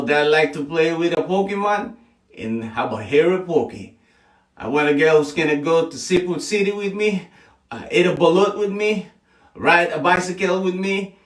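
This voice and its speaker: A man's voice: fairly high pitch, a bit bright, pitched above the performer's own voice. A man voicing a brash, crude young man, boasting in broken English that he wants a girlfriend. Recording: echoey room, heard from a distance.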